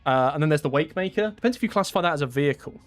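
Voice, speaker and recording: A man's voice: fairly high pitch, expressive, rapid-fire, faint music behind. Chatty English man streaming a game. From England. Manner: chatty, laughs often, reads chat aloud. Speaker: gaming streamer. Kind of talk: casual live-stream chat while playing.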